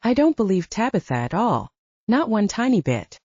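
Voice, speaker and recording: A tired young hero with a warm, mellow tone and lively swings in pitch, as a woman narrator puts him on. He speaks easygoing lines in a dry, slightly dull audiobook recording. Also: moderate pace, dry recording. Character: young American man, tired hero on a quest.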